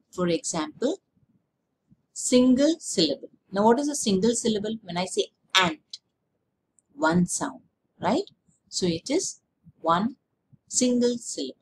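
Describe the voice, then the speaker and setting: A woman teacher explaining a lesson slowly, repeating words and checking with "okay?". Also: medium pitch, a little hiss or hum, low-quality recording. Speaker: English teacher.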